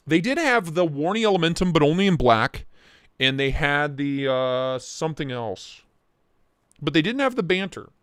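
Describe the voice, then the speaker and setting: A young man hosting a casual knife livestream from his home office, excitable and joking as he reacts to chat. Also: on the high side, dry recording, clean studio sound. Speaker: livestream host reviewing knives. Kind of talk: casual live-stream chat.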